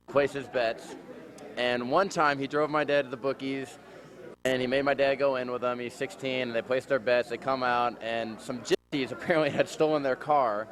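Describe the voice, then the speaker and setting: A man casually telling rambling family stories at a reunion. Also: medium pitch. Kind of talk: casual storytelling.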